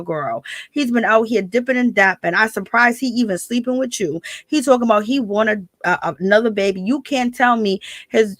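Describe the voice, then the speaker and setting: A woman's voice: medium pitch, dry recording. A woman giving casual, sassy gossip commentary on a reality show, calling her listeners girl and baby.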